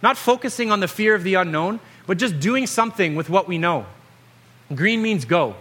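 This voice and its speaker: Male preacher, high bright voice, earnest exhorting sermon delivery. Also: animated, a little fast.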